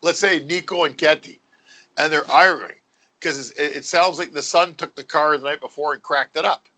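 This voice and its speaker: Man, middle-aged, comedian guest, podcast chat, bright, slightly high. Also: moderate pace. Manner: lively, acts out voices in stories. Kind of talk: animated storytelling chat.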